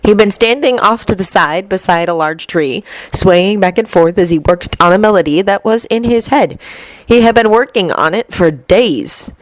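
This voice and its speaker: A woman narrating a story with a steady, measured reading. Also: medium pitch, no echo, low-quality recording. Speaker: reader. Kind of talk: storybook narration of fan fiction.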